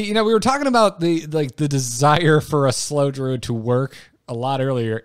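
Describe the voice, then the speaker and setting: A man's voice: on the high side, dry recording, clean studio sound. A man co-hosting a podcast in casual chat, playful and self-mocking, stumbling over names. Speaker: podcast co-host.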